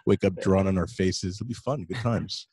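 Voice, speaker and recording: A man's voice: low voice, moderate pace, crowd noise. A man in his forties hosting a podcast, asking enthusiastic, rambling questions in casual chat. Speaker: podcast host. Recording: dry close studio sound.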